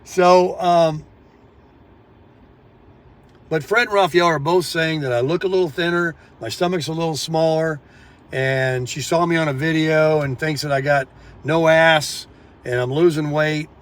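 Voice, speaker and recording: Recording a casual vlog on his phone in a sunny town, a man rambles to viewers he calls folks. His voice is on the high side and steady in tone, unhurried, with frequent pauses.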